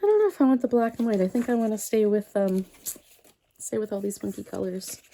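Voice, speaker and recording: A woman's voice: mid-range voice, brisk, warm tone. A woman host chatting casually while she makes a craft page, rambling through stories and talking to herself as she works.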